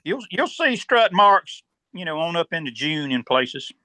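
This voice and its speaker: A man with a Southern US accent, calmly explaining turkey hunting step by step as a podcast guest and often clearing his throat. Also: a little high, unhurried, no room sound. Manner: steady, instructive, step-by-step.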